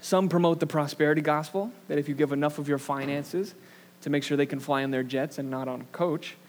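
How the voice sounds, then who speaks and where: A young man delivering a sermon, his pitch sitting a little high. He talks casually and pokes fun at himself, with plenty of ums and likes. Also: steady tone, brisk. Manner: casual, self-deprecating storyteller with many fillers. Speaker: pastor. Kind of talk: sermon with a personal anecdote.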